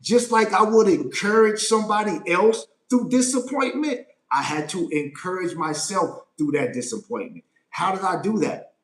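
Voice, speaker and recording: A man's voice: sits high, expressive, normal speed, hardly any pauses, echoey room. A man, giving a live motivational Q&A talk as a life coach, emphatic and often asking "right?". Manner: emphatic, repeats phrases and asks "right?" often.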